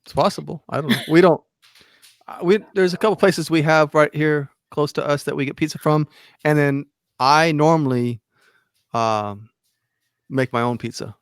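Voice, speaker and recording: A man co-hosting a casual live stream chat, halting and stumbling for words, laughing along. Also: fairly high pitch, clean tone, no echo, studio quality.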